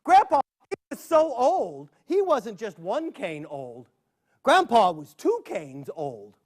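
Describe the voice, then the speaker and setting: Animated male storyteller, lively pitch. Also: slow pace. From United States. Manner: playful, chatty asides. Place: public library event.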